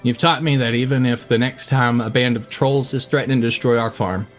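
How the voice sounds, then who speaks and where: A man's voice: mid-range voice, steady tone, brisk, soft background music, close to an everyday voice. A man voicing a young farm boy who speaks earnestly, holding back tears. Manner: earnest, tearful.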